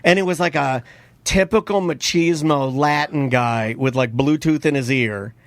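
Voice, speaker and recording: A man with a fairly high, gravelly voice tells a story in loose, casual podcast chat. He acts out the people in it, jumping up into shouted lines. The sound is dry and close, like a studio mic. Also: normal speed, no echo. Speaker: podcast co-host.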